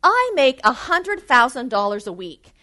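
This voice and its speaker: A woman voicing a calm, self-assured shipwrecked man in a told joke. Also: on the high side, a little slow, exaggerated voice. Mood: smug. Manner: calm, matter-of-fact.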